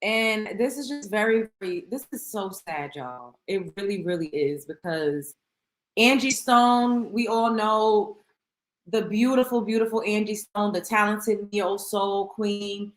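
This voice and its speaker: A woman's voice: medium pitch, a little slow. A woman hosting a casual livestream chat, talking with her viewers and greeting them by name. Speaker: host. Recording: echoey room.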